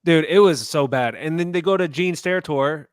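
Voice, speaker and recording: A man co-hosting a sports podcast, talking in an animated, indignant way in casual chat. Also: on the high side, moderate pace, smooth, no room sound. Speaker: podcast co-host.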